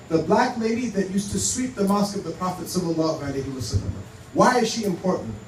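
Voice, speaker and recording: A man giving a conversational talk to a community audience, telling stories and acting out dialogue. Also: high voice. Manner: conversational, acts out dialogue in quoted exchanges. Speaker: Muslim speaker. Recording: roomy hall, mic at a distance, faint hum.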